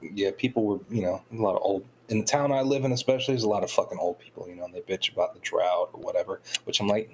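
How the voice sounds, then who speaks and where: A man with a fairly low voice talks loosely and bluntly, swearing freely. A faint noise sits under his voice. He sounds like a guy griping among friends. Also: quick pace, darkish tone, rough recording. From North Georgia, US. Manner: profane and blunt. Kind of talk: casual chat.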